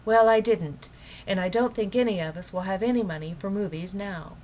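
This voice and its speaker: A woman reading a children's book aloud, voicing a practical, somewhat sharp middle-aged housewife. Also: medium pitch, expressive, slight background noise, voice pushed up, close to an everyday voice. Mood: doubtful. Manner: brisk, a little sharp.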